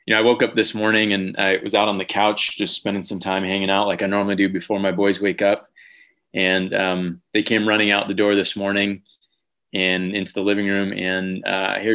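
A man's voice: fairly low pitch, monotone, brisk, bright, forceful tone. A man in his thirties, a pastor preaching an Easter sermon over a video call, telling a family story in a conversational way before reading Scripture aloud.

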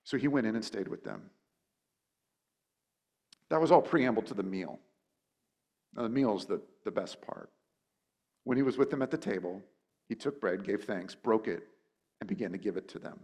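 A man preaching in a conversational way, thinking aloud with frequent restarts and fillers, and acting out quotes in animated voices. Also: moderate pace, pauses often. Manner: acts out quotes with sudden high, animated voices. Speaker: pastor. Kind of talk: conversational sermon.

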